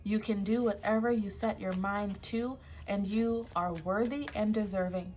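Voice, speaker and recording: A woman's voice: mid-range voice, fairly even intonation, unhurried, darkish tone. A woman giving a casual tarot reading, emphatic, often laughing and sighing. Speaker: tarot reader.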